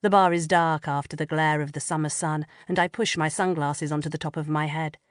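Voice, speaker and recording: A woman reading a first-person audiobook in an expressive, measured way on a close studio mic. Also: deep voice, no room sound. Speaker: audiobook narrator.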